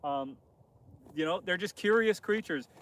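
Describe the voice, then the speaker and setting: A man's voice: sits high, measured pace. Chatty man live-streaming from his farm. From Northern Canada. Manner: relaxed, rambling, reads viewer comments aloud. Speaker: homesteader live-streaming host. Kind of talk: casual live-stream chat. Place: outdoors on a homestead farm among animals.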